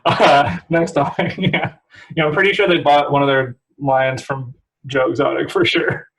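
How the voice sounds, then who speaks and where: A man's voice: medium pitch, level tone, normal speed, fairly bright tone, low-quality recording. A young man from the San Francisco area, a podcast guest telling rambling stories full of laughter and fillers. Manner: rambling storyteller, laughs often, many likes. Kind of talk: casual chat.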